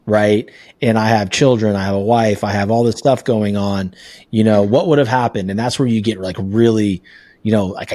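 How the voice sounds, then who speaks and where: Husky low-voiced male podcast host. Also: a little fast, no room sound. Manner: storytelling, relaxed and candid, with casual swearing. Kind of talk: casual interview chat.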